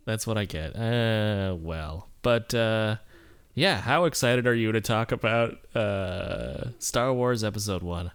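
A man's voice: fairly low pitch, slow, clear, resonant tone. A man co-hosting a podcast in casual chat, rambling and self-mocking with many fillers. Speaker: podcast co-host.

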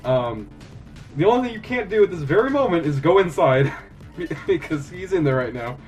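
A man's voice: fairly high pitch, lively intonation, moderate pace, dull audio, faint music behind. A man narrating as game master of a tabletop role-playing game, rambling with many fillers and frequent laughter.

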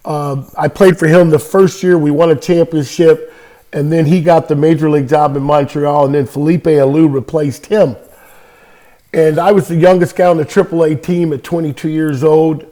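Older guy from california, ex ballplayer, chatty storytelling w lots of uhs and laughs, slightly high voice. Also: normal speed. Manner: animated anecdote telling with frequent laughs and fillers. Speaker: podcast guest, former baseball player. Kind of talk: casual storytelling interview.

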